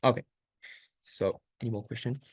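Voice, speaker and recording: A man with a French accent teaches an online workshop at a middle pitch. He explains each step, answers questions from the chat, and corrects his own small slips. The recording is dry, with no room sound. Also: steady tone, normal speed, dry recording. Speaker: workshop instructor. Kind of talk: live online software tutorial.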